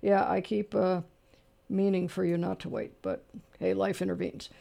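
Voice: medium pitch, flat delivery, normal speed, gravelly, dark tone. A radio talk show host running a call-in trivia quiz, chatty, chuckling and full of fillers. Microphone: studio microphone.

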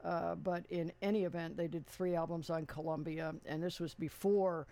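A man's voice: fairly high pitch, level tone, normal speed, mellow. A man hosting a radio show, chatting casually with a caller and rambling through details with many fillers. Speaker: radio host. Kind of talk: casual on-air chat with a caller.

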